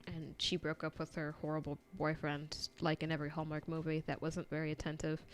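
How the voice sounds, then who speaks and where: A young American woman who vlogs about painting chats casually at home while she paints, rambling with lots of fillers. Her voice sits low and monotone, she speaks fairly quickly, and she uses a desk microphone on a stand.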